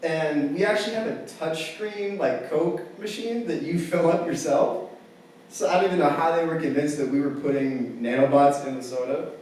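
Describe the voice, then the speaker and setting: On a campus theater stage before a live crowd, a young adult man tells stories in a wry, easygoing stand-up set, leaning heavily on "like." His voice is fairly high and a bit mellow, his speed normal, and there's slight background noise in the distant, very echoey hall recording.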